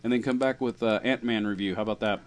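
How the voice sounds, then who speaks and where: A man's voice: fairly low pitch, steady tone, fast talker. A man hosting a podcast in casual chat, rambling with restarts and fillers. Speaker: podcast host.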